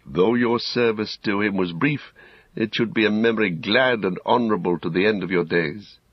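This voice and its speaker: Aragorn, a man doing a calm, kingly healer. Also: fairly low pitch, normal speed, slightly rough, no echo, highs cut off. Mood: solemn, kind. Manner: calm, solemn, reassuring. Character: gentle kingly male healer, calm and wise.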